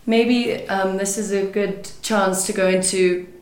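A woman interviewer poses her questions gently and encourages her guest with short affirmations. Her voice sits at a middle pitch. The room is audibly echoey. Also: steady tone, slow.

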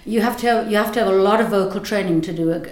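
Articulate actress in an echoey room. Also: female voice, medium pitch, racing, a little mellow. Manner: thoughtful, articulate, repeats words while searching. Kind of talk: interview answers.

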